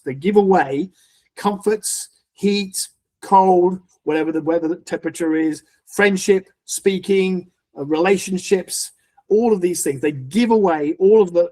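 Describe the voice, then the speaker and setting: A man as a podcast guest, telling a personal story in conversation in an animated way, with frequent restarts. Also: a little high. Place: podcast recording.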